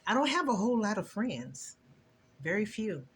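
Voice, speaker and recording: A woman's voice: normal speed, slight background noise. Older woman, christian testimony vlog, earnest, emotional, preachy. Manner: earnest, preachy and emotional, with lively swings in pitch. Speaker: vlogger.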